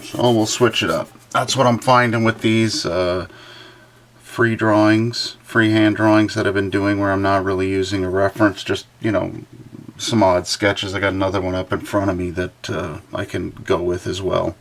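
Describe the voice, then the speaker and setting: Deep gravelly man sketching on stream. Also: level tone, normal speed, a bit bright. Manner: rambling, thinks aloud with many fillers. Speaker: artist livestreaming a drawing session. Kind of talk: casual running commentary while drawing.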